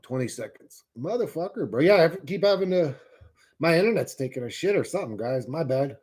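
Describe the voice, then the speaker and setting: A man's voice: a little high, animated, a little fast, darkish tone. A man hosting a live stream, talking straight to his viewers in a heated, profane rant. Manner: swearing, heated, mocking; chats to viewers in the stream chat. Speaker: livestream host.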